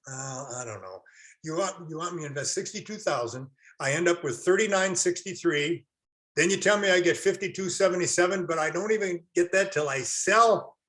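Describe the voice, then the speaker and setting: A man voicing a cautious, skeptical woman investor who grumbles doubtfully, bright toned. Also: high voice, a little fast.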